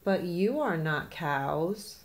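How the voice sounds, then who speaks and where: A woman's voice: lowish voice, lively intonation, slow pace. A woman reading a children's picture book aloud in a playful way, slipping into small voices and silly laughs.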